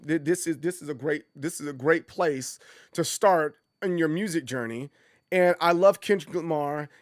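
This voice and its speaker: A man's voice: on the high side, no echo, clean studio sound. A man hosting a casual livestream, talking in a loose, rambling way that circles back and repeats points. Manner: animated, rambling, repeats himself. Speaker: streamer host.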